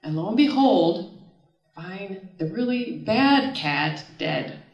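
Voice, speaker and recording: A woman in her thirties telling a personal story on stage at a live event, casual and animated, often laughing and swearing as she goes. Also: medium pitch, slow, dull audio. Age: 30s. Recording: echoey room, voice from far off the mic.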